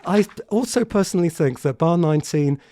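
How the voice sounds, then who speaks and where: A man teaching a piano piece in a relaxed tutorial, talking thoughtfully and often restarting his sentences. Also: on the high side, a little fast. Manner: thoughtful, hesitant, repeats words when starting. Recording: piano playing in the background. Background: piano played between remarks.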